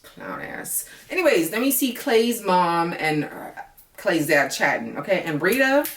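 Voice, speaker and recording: A woman's voice: fairly low pitch, very animated, normal speed, roomy sound, far from the mic. A woman who reviews reality TV in a casual vlog, ranting bluntly and with a lot of profanity.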